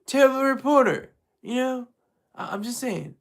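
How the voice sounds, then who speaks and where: A man doing a rough impression of a blunt older male public figure who insults a reporter, dismissive and trailing off to a mutter. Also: very high-pitched, expressive, moderate pace, fairly bright tone, voice pushed up, exaggerated voice.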